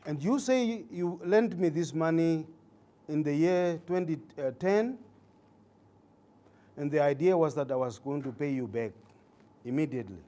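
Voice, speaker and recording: A man, a judge, giving a legal training lecture to trainee judges, deliberate and repeating key points for emphasis, with some hesitant fillers. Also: fairly high pitch, warm tone.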